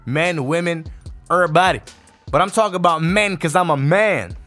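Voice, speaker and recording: A man's voice: fairly high pitch, moderate pace, a bit bright, faint music behind. Profane ranting podcast man. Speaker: podcast host. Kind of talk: casual solo podcast rant.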